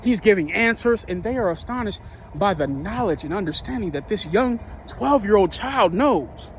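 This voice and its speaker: A man preaching a sermon, retelling a Bible story in an earnest, halting way with frequent restarts. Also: high-pitched, animated, slight background noise.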